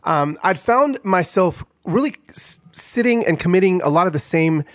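A middle-aged man speaking a little high for a man, telling his story with animated energy and easy laughter. He is the guest author in a casual interview. The sound is dry and close with no room echo. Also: normal speed.

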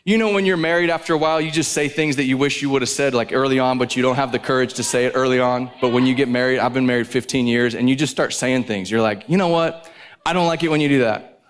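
A man's voice: medium pitch, steady tone, quick pace, smooth. A man preaching a sermon at a live conference, telling stories intensely and with animation.

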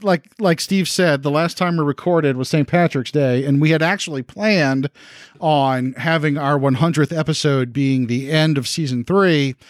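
A man running a tabletop game as game master, recapping the last session in a laid-back, halting way with many fillers. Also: on the high side, dry recording, studio quality.

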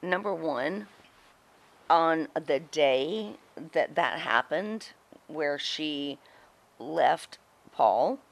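Speaking very slowly in a deep, gravelly voice, a former wrestling personality sits for an interview show as a middle-aged guest. She's animated, blunt and emphatic, peppering her candid stories with frequent profanity.

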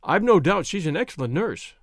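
A man's voice: sits high, big pitch swings, a little fast, no echo, studio quality, exaggerated voice. A man reading the lines of a blunt, skeptical male city surgeon in a storybook.

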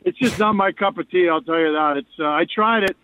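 Guest analyst by phone: man, fairly high voice, dry tinny line, frank and halting. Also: a bit bright, smooth, dry recording. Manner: candid, repeats words while restarting. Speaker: radio host appearing as guest analyst. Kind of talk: casual sports radio chat.

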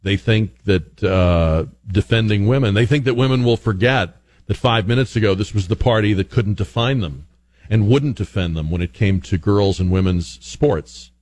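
A man hosting an opinion talk show, delivering a sarcastic, mocking monologue with exaggerated high-pitched asides. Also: normal speed, a little mellow, no echo. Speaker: political commentary host.

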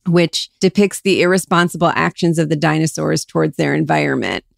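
Low creaky-voiced woman chatting. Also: fairly even intonation, brisk, no echo, clean studio sound. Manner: rambling, filler-heavy retelling. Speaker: podcast co-host. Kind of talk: casual chat.

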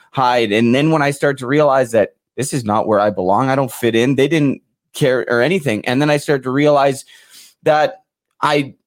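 A man as an interview guest, speaking candidly in a halting, reflective way with frequent restarts. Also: mid-range voice, no echo, studio quality.

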